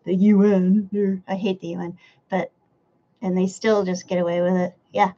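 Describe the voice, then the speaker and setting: A woman's voice: medium pitch, flat delivery, moderate pace, dark tone. Chatty woman streamer, lo-fi sound. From United States. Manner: chatty, laughs often, swears casually. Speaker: live streamer reading chat. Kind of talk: casual live-stream chat. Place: home room near a window.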